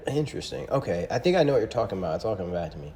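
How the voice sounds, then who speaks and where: Low, dark-voiced young man. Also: big pitch swings, very fast, slight background noise. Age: 20s. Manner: playful teasing, laughs a lot. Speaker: podcast co-host. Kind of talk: casual podcast chat.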